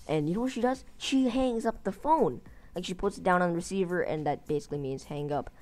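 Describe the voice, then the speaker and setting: A woman's voice: fairly low pitch, brisk, darkish tone. A woman telling a story in a casual vlog, rambling with lots of fillers and restarts. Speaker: gaming channel host.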